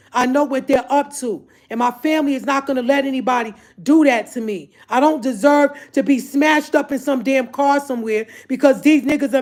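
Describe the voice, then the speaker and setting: A woman vlogger with a high, slightly mellow voice speaks straight to her viewers in an emotional, exasperated rant, repeating herself and calling them "y'all."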